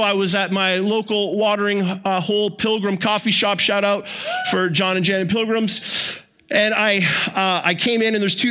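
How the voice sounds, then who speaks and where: Man, pastor's sermon, high voice, forceful, chatty with jokes and asides. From Canada. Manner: conversational and joking, with quick asides.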